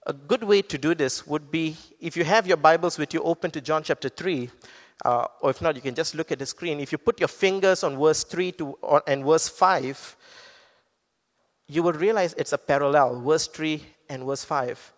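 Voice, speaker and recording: Male pastor, earnest explanatory sermon, slightly higher voice, reverberant hall. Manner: earnest, explanatory preaching with scripture quotes.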